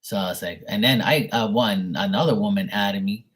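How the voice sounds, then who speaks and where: A blunt, profane man from Bermuda talks in a casual rant, his voice low and husky. He mocks the people who message him by acting out their lines, with a tarot reader's offhand confidence. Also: normal speed, fairly bright tone. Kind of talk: casual ranting monologue.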